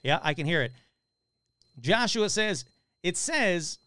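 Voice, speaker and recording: A man hosting a live paranormal podcast, chatting casually and excitably as he reads out viewer comments, swearing now and then. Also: sits high, moderate pace, smooth, dry recording.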